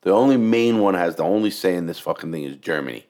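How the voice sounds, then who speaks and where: A podcast co-host talking politics in casual chat, blunt and swearing a lot. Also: male voice, low voice, fast. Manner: blunt, heavy swearing, animated.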